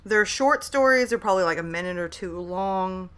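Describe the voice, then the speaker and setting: A bright-voiced woman in her thirties talks into a desk mic at her laptop during a home live stream. She is hyper and chatty, greeting viewers and reading their messages aloud. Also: mid-range voice, moderate pace, clear, resonant tone. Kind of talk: casual live stream chat. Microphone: desk microphone at a laptop.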